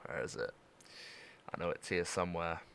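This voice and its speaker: A man's voice: sits low, normal speed, gravelly, fairly bright tone, slight background noise. A young man in his twenties chatting casually on a gaming stream, rambling, swearing and laughing as he talks.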